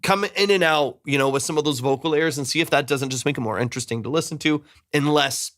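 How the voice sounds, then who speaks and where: A man's voice: a little high, quick pace, fairly bright tone, no echo, clean studio sound. A man giving casual, hedging mix feedback as a music producer, repeating himself and humming parts with da-da sounds. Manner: hedging, repeats words, scats melodies with da-da. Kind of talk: casual live critique.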